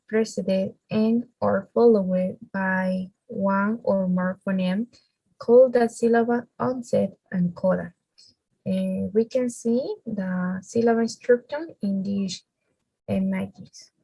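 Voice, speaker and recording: A woman whose first language is Spanish, reading a class presentation on phonology in a halting way with restarts. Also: mid-range voice, steady tone, creaky, dark tone, husky, dry recording, rough recording. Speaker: student presenter.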